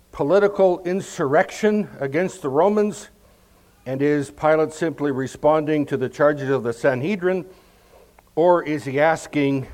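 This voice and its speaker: A man giving verse-by-verse Bible teaching, explaining each passage in a measured way and stressing key words. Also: on the high side, darkish tone.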